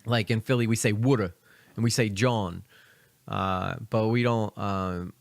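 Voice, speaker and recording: A man's voice: on the low side, fairly even intonation, normal speed, gravelly, smooth, dry recording. A young man from Philadelphia with a light Philly accent, rambling casually through live reaction commentary. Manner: rambling, chatty, many fillers and asides. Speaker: streamer reacting to videos.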